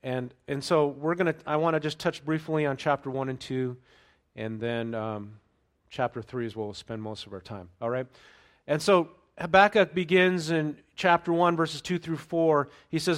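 A man preaching a sermon in a conversational way, checking in with the congregation and turning louder and higher when he reads scripture aloud. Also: steady tone, normal speed. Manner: conversational preaching with frequent fillers and check-ins; raises pitch and volume when reading scripture aloud. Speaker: pastor.

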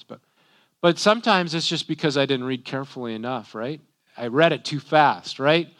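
A man's voice: medium pitch, a bit bright. A man, a pastor, preaching a sermon in a conversational way, often tagging rhetorical questions.

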